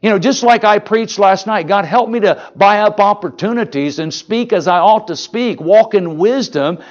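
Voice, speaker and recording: A male preacher delivers a lively, folksy sermon, peppering the congregation with questions. His voice sits high for a man. The church recording is muffled and lo-fi. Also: normal speed. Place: church sanctuary.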